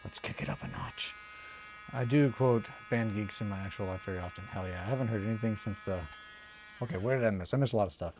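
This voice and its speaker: Over background noise, a fast-talking man with a fairly low voice streams himself doing a hobby. His casual chatter is rambling and lively, full of replies to chat and bursts of quoted cartoon dialogue.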